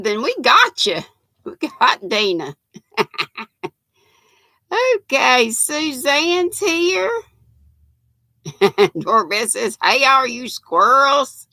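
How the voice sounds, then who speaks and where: A woman's voice: a little high, vocal fry, sharp tone, no echo. A woman, hosting a live craft stream, chatty and folksy, greeting viewers by name and calling them honey. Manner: chatty and folksy, laughs often, calls viewers sweet and honey.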